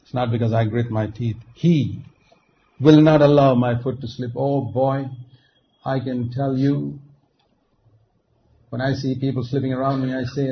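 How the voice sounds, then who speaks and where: A man preaching a sermon, emphatic, dropping to quiet asides and then rising to loud, stressed words. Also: medium pitch, fairly even intonation, unhurried, long pauses. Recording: dull lo-fi recording with faint noise.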